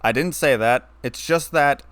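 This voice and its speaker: A man reading a story aloud, voicing a sarcastic, guarded young human man with a flat, wry delivery. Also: medium pitch, measured pace, no room sound, close to an everyday voice. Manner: wry, flat, turning bitter.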